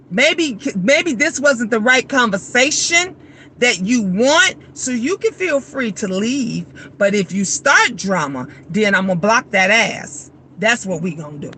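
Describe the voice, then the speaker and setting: A woman's voice: medium pitch, pushed and bright, slight background noise. A woman hosting a casual livestream chat, venting bluntly and profanely and reading out viewer comments. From Chicago. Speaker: livestream host.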